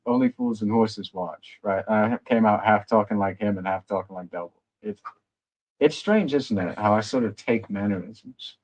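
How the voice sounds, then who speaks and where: A man's voice: fairly low pitch, normal speed, darkish tone, lo-fi sound. A young man with a rambling, self-mocking manner, hosting a casual livestream chat. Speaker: livestream host.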